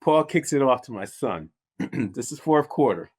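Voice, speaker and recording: A man hosting a podcast, mid-pitched and easygoing. He laughs often and tells stories with animated energy as he introduces his guest. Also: measured pace, husky. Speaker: podcast host. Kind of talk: casual interview intro.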